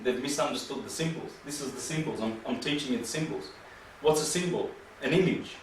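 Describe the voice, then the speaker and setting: A man giving a rambling, emphatic lecture full of rhetorical questions. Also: medium pitch. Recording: echoey room from far off, faint noise.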